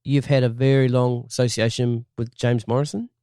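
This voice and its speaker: A man hosting a podcast, asking questions in a relaxed, easygoing way. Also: medium pitch, moderate pace, clear, resonant tone. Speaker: podcast host. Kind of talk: casual interview.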